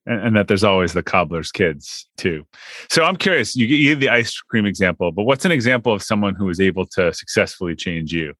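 A man's voice: sits low, expressive, a little fast, fairly bright tone, no echo. A man hosting an interview podcast, chatting casually and musing aloud, with short agreeing replies. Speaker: podcast host.

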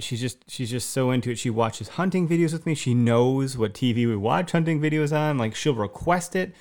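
Gravelly podcast co-host, a man in his thirties who tells stories eagerly and restarts often. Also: medium pitch, moderate pace. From Wisconsin. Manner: excited storyteller, many restarts. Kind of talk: casual chat, storytelling.

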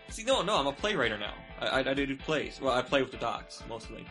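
Lively, teasing male podcast co-host. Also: medium pitch, fairly quick, music in the background. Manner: teasing, goofy banter. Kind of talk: casual chat.

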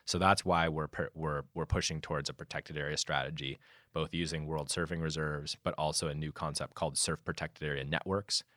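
A man speaking as a conservation guest in a casual conversation, animated and often restarting his sentences. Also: rumbling low, a little fast, no room sound, clean studio sound. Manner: animated, many restarts and fillers.

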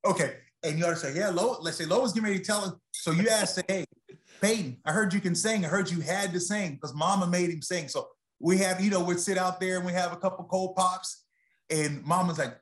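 A man, a former football player, chatting as a podcast guest in a lively, exclaiming way. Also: high-pitched. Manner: lively, animated storyteller, quick to exclaim. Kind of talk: casual interview chat.

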